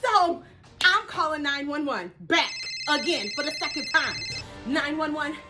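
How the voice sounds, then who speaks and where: A middle-aged woman hosting a vlog, telling a family story in an animated, dramatic way and acting out what the others said. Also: high-pitched, measured pace, over music. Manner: animated, dramatic retelling that acts out the others' lines.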